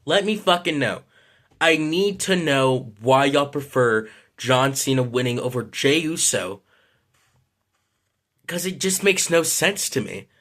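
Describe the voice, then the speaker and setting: A man's voice: medium pitch, animated, slow pace, fairly bright tone. A man ranting in a casual vlog, frustrated and rambling, swearing often and apologizing for it. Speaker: vlogger.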